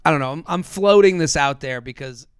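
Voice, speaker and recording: A comedian chatting casually on a podcast, rambling with many fillers and restarts. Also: male voice, fairly high pitch, fairly quick, clear, resonant tone, dry recording, studio quality.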